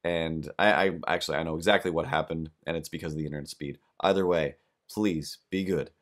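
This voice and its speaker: A man hosting a podcast, telling rambling stories with deadpan jokes in a casual, comedic monologue. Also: very deep voice, brisk. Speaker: podcast host.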